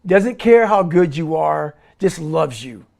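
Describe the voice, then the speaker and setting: Intense, gravelly man swearing bluntly. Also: a little high, expressive, takes it slowly, a little mellow. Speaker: interview guest. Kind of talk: motivational talk.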